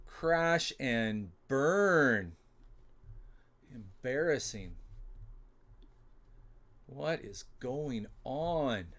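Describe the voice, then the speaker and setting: A man hosting a solo livestream giveaway, flustered and muttering to himself as he fumbles with the software. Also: medium pitch, animated, drawn-out words, long pauses. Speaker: livestream host running a giveaway. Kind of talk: casual solo livestream chat.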